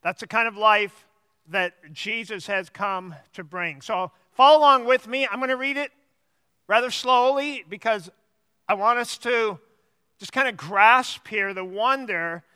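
A man preaching a sermon as pastor, teaching slowly and repeating key words for emphasis. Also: high-pitched, pushed and bright, smooth, big-room sound.

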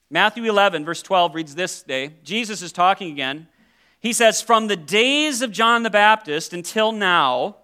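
A man preaching in a high, bright voice. His delivery is emphatic and persuasive, slowing down to lean hard on key phrases. The tone is smooth and clear throughout. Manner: emphatic, persuasive teaching with slowed stressed phrases. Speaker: pastor. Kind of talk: sermon.

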